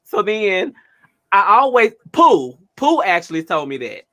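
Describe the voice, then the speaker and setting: An animated, theatrical man tells a story while co-hosting a radio talk show. His voice is bright and swings widely in pitch. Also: measured pace. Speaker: radio co-host. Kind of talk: casual storytelling chat.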